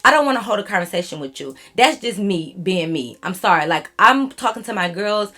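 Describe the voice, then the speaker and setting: A young woman chats straight to her viewers and tells a long story, wandering off topic and full of slang. She sits at a middle pitch and keeps talking casually. She calls her audience y'all and rambles on happily. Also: lively intonation, brisk, a bit bright. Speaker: YouTube storyteller.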